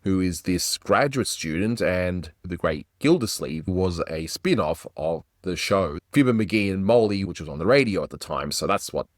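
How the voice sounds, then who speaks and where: Deep-voiced chatty male cartoon reviewer. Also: animated, moderate pace, hardly any pauses, dry recording, clean studio sound. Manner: enthusiastic, chatty, does little voice impressions. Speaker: animation reviewer host. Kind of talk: casual review commentary.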